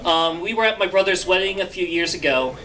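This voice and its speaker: A man's voice: high voice, animated, fairly quick, pushed and bright. A man doing stand-up comedy and hosting, with lots of fillers, laughing at his own jokes. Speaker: stand-up comedian and show host.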